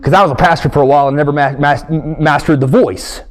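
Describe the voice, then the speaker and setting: Young guy doing standup, high voice, gets loud and animated fast. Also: rough recording. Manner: animated, jumps into high shouted bits. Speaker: stand-up comedian. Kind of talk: stand-up comedy.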